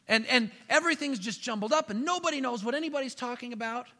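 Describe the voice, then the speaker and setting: A man's voice: very high-pitched, fast talker, hardly any pauses, in a large hall. A man preaching a sermon in a church, telling the story with energy and acting out the people in it. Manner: animated storytelling, acts out voices, chuckles. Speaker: pastor. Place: church sanctuary.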